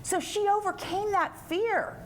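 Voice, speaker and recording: A woman speaker at a retreat giving informal Bible teaching in a lively, colloquial storytelling manner. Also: very high-pitched, a little slow, a little hiss or hum.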